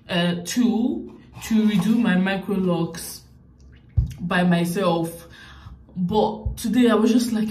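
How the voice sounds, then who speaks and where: A woman's voice: medium pitch, reverberant. A young woman from Nigeria chatting to camera at home in a rambling, emotional way as a vlogger. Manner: rambling, emotional, talks straight to viewers. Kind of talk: casual chat to camera. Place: room at home.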